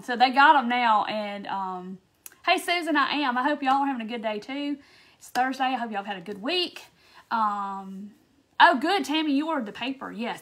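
Bubbly high-voiced Southern woman. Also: a bit bright. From Mississippi, US. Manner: bubbly, greets viewers by name, frequent "um"s and laughs. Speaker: craft live-stream host. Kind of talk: casual live-stream chat.

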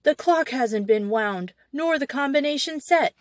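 A woman's voice: sits high, expressive, unhurried, no echo, clean studio sound, voice pushed up. A woman reading aloud, voicing an anxious old male banker in a strained, raised voice. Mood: alarmed.

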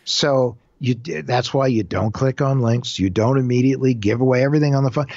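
Animated man telling scam stories. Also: medium pitch, brisk, no echo, muffled recording. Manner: animated storyteller, acts out scammer and victim quotes. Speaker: guest expert on identity theft. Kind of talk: interview answers.

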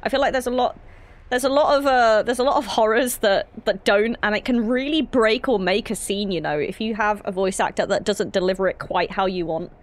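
A young woman with a medium-pitched voice streams a horror game, talking a little fast. Her casual let's-play commentary is chatty and giggly, full of rambling asides.

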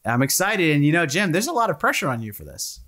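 A man co-hosting a casual retro-games podcast, joking and teasing in a relaxed chat. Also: on the high side, fast talker. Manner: joking, teasing, crude jokes. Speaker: podcast co-host.

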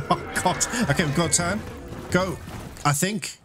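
A man giving casual commentary while playing a video game blind, excitable, swearing and laughing, yelping in panicked moments. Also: sits high, takes it slowly, long pauses. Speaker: gamer playing a blind let's play. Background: game music.

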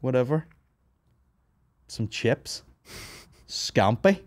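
Very slow and expressive, this Northern Irish man's medium-pitched voice carries no echo as he hosts a podcast from an office. He's hungover and tired, telling a rambling funny story, swearing plenty and laughing a lot.

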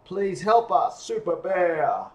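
An urgent, frantic goose from a picture book, as a man reading aloud puts it on. The voice is pitched up and loud, pleading for help. The room has a noticeable echo. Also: very animated, slow, full character voice.

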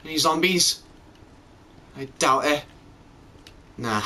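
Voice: medium pitch, animated, a little slow, pauses often, sharp tone, far from the mic. A gamer giving let's-play commentary during a horror game, talking to themself and to viewers and swearing when startled.

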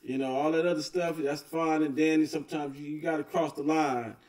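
Brief: a male reaction host, relaxed and agreeing, pitched a bit high, recorded off-mic. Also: fairly quick, recorded from a distance. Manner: laid-back, agreeing, chuckling. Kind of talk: casual reaction commentary.

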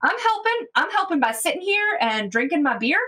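A woman's voice: extremely high pitch, big pitch swings, a little fast, pushed and bright, pitched above the performer's own voice, exaggerated voice. A woman voicing a lazy, off-duty female smith who teases the cook while she drinks her beer. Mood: smug. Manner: smug, teasing.

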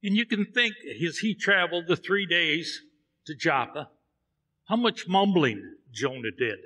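A man's voice: on the high side, expressive, measured pace, sharp tone, in a large hall. A man preaching a sermon in a church, telling a Bible story and acting out the characters' lines. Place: church sanctuary.

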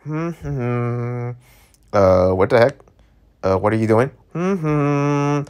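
A man's voice: medium pitch, expressive, slow pace, darkish tone, smooth. Man reading a comic aloud, jokey asides. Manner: reads all the dialogue himself and breaks in with jokey asides. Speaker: webtoon reader. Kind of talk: casual read-aloud with commentary.

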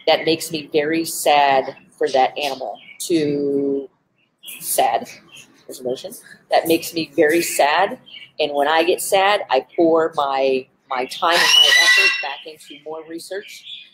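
Low-voiced woman hosting a casual live stream. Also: a little slow, fairly bright tone, a little hiss or hum, low-quality recording. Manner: earnest, thinking aloud with frequent ums and restarts. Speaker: animal behavior specialist hosting a live stream. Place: indoors with animals around.

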